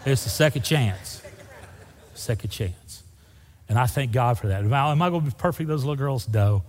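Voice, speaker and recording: An older male pastor preaching with fervor, his voice at an ordinary middle pitch. He swings from loud, raised declarations down to hushed, tender lines. The sound carries a long reverb from a church hall. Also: animated, moderate pace. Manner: fervent, swings from loud to soft. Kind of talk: sermon.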